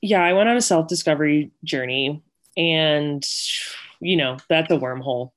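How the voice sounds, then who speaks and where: A woman's voice: low voice, normal speed. Young woman guest, chatty storyteller, filler-heavy, slips into quoted voices. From Connecticut and Virginia, US. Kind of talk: casual storytelling interview.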